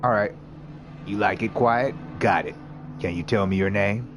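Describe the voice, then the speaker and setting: Casting: a man doing a smooth, gravelly male vampire, very low-pitched, easygoing banter. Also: normal speed, over music, natural voice. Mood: soothing. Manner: easygoing, calls people darling and honey.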